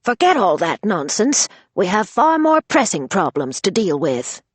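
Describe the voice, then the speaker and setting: A woman voicing a brisk, matter-of-fact older woman who leads a group. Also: medium pitch, big pitch swings, husky, no echo, pitched above the performer's own voice.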